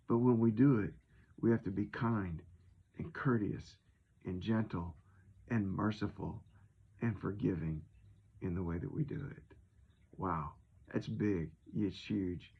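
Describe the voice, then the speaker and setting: Male preacher, husky and gravelly, folksy and conversational. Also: lowish voice, lo-fi sound. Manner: folksy, conversational, retells scripture in his own words. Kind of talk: informal sermon.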